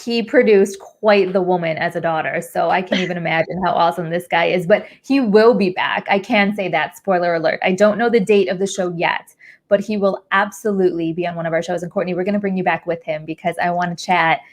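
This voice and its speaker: A woman's voice: lowish voice, steady tone, a little fast. A young woman hosting a charity livestream, talking in a gushing, effusive and emotional way. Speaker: livestream host. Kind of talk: casual livestream chat.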